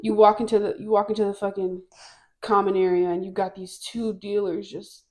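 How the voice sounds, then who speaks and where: A young woman co-hosting a casual talk show, telling a long story with plenty of swearing. She gets loud and lively when she acts out the people in it. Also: mid-range voice, a little fast. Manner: animated, swearing, acts out quoted people loudly. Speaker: podcast co-host.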